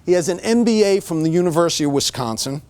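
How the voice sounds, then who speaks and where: High-pitched, emphatic motivational speaker. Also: male voice, animated, fast talker, a little mellow. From United States. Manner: emphatic, repeats "okay?" to drive points home. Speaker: marketing director giving a staff talk. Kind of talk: motivational speech. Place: room with a staff audience.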